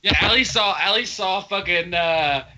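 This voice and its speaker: Bright-voiced man recapping a movie. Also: high-pitched, normal speed, poor audio. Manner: rambling, profane movie recap. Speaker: podcast co-host. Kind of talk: casual chat.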